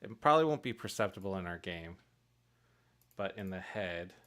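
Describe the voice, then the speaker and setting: A man's voice: deep voice, lively intonation, normal speed, a bit bright. A man casually narrating his work on a live stream, thinking aloud and chuckling at his own mistakes. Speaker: streamer making pixel art for a game.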